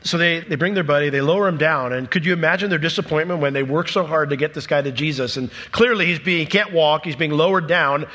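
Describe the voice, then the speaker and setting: Male pastor, sermon, husky bright voice, animated storyteller, reverberant church hall. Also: on the high side, fast, few pauses.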